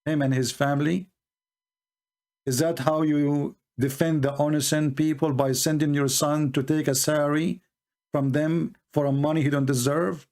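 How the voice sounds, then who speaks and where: A man's voice: on the high side, little pitch movement, moderate pace, darkish tone. A man debating religion and politics in a combative, mocking way, firing rhetorical questions in non-native English. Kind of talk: live call-in debate commentary.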